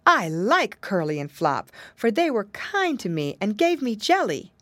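A woman voicing a brave young maiden in a children's story, earnest and bright. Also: medium pitch, sing-song, a little slow, dry recording. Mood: brave resolve.

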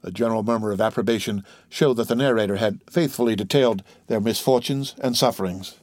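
A man's voice: fairly low pitch, fast, a little mellow, no room sound. A man reading a classic novel aloud as an audiobook narrator, evenly and steadily. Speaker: audiobook reader. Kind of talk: scripted narration.

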